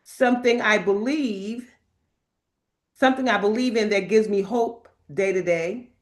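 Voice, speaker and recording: A woman hosting a spiritual talk, animated and emphatic, laughing often as she reads inspirational cards. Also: medium pitch, unhurried. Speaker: host. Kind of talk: spiritual talk and card reading.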